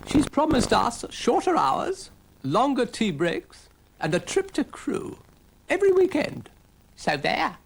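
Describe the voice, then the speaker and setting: A man voicing a chirpy talking train who speaks in a slow, smug way. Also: extremely high pitch, huge pitch swings, vocal fry, a little hiss or hum, voice pushed up, full character voice, rough recording.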